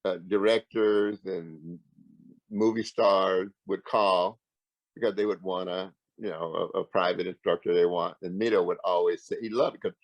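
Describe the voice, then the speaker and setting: With a deep voice at normal speed, an older man who is a martial arts grand master tells stories casually as an interview guest. The recording is muffled, though echo-free. He performs the quoted dialogue animatedly, with many restarts.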